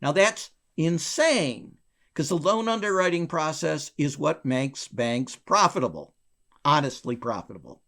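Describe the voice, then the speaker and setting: A man being interviewed, a former bank regulator telling a long story in a lively, chuckling way with wide swings in his voice. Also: measured pace. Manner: animated, wide pitch swings, chuckles between phrases.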